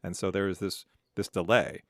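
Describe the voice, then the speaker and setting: A man's voice: sits low, level tone, normal speed, fairly bright tone, no echo, clean studio sound. A man co-hosting a podcast, walking through his thoughts on a crime series in a rambling, thoughtful way. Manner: thoughtful, rambling, hedging with "like" and "right?". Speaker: podcast co-host. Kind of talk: casual recap chat.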